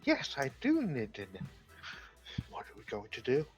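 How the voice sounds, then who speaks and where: A woman voicing a quiet female companion in a hushed, breathy and flat manner. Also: extremely low pitch, measured pace, muffled recording, soft background music, heavily acted.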